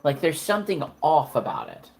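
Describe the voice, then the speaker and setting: A woman's voice: deep voice, huge pitch swings, moderate pace, a little mellow, slight background noise. A woman narrating a tabletop horror game as game master, casual and profane, with lots of "like" fillers.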